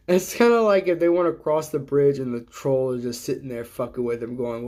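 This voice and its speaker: A man's voice: medium pitch, measured pace, pauses often, a little mellow. A middle-aged man hosting a casual livestream, talking in a rambling, profane way and chuckling at his own jokes. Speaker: livestream host.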